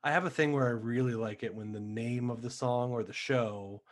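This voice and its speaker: A man's voice: medium pitch, normal speed. A man, a stage actor guesting on a podcast, talking in a thoughtful, rambling way full of fillers. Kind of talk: casual chat.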